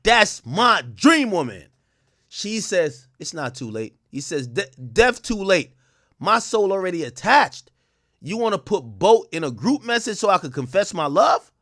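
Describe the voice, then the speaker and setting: Young man, live-stream commentary, high voice, very lively pitch, loud reactions. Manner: animated, loud outbursts, reads texts aloud with reactions. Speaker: streamer reading messages to chat.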